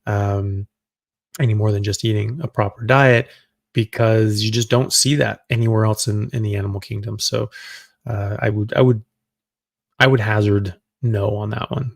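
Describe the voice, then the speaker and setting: Gravelly low-voiced man hosting a Q&A. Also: fairly even intonation, moderate pace, dry recording. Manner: loose and conversational, thinking aloud. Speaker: doctor hosting a live Q&A. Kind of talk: live Q&A, answering viewer questions.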